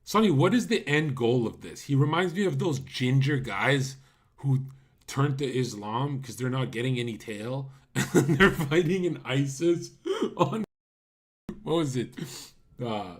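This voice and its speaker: A male streamer speaking in a husky, slightly rough voice at a middle pitch. He talks bluntly and mockingly, ranting at his viewers in casual livestream commentary. The voice comes close and clear through a condenser mic. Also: animated, measured pace. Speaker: livestream host. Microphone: USB condenser mic.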